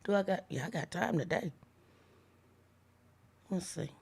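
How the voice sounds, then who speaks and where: A woman with a slightly low-pitched voice hosts a live devotional stream. She talks loosely and conversationally with her viewers, reading their comments aloud. On each key teaching point she slows right down and leans on the words. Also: animated, vocal fry, slightly rough. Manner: chatty, reads viewer comments aloud, slows down for emphatic lines. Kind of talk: casual livestream devotional preaching.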